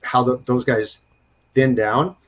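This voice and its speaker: A man's voice: medium pitch, slow pace. A man co-hosting a casual sports podcast, talking with emphatic, storytelling energy. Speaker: podcast co-host.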